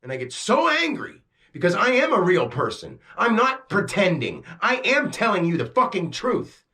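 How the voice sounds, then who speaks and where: Intense ranting man, high lively voice. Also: normal speed. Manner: intense, frustrated, preachy; swears freely. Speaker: self-styled spiritual teacher. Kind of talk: ranting monologue to camera.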